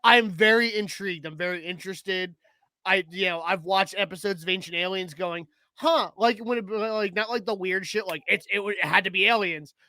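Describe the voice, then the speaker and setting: Male podcast co-host, high voice, dry close sound, laughs a lot. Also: a little fast, no echo. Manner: giggly, animated, frequent laughter. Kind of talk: casual chat.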